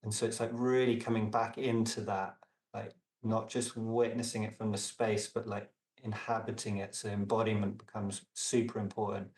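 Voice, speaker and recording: A man talking as a podcast guest in casual reflective conversation, meandering with many fillers and restarts and trailing off softly. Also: fairly low pitch, flat delivery, normal speed, hardly any pauses, roomy sound, distant mic. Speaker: podcast guest, relational coach.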